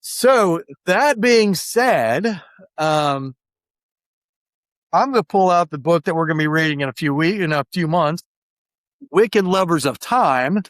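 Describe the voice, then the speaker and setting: A man's voice: fairly high pitch, animated, measured pace, no echo. A man hosting a book-club podcast, recapping chapters in a chatty, rambling way and acting out quotes. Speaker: podcast host.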